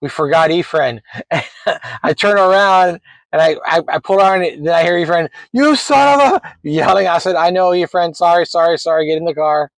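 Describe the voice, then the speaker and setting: A man's voice: fairly high pitch, a little fast, no room sound, rough recording. Man rambling through a funny memory. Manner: rambling, animated, laughs while telling. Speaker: storyteller. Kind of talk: casual personal storytelling.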